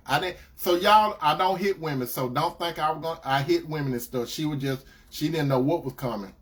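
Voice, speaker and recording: A man preaching to his listeners, telling a personal story with animated re-enacted dialogue and direct asides to them. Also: on the high side, fairly quick, few pauses. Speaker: preacher and host of a talk stream. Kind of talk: dramatic personal storytelling to a congregation.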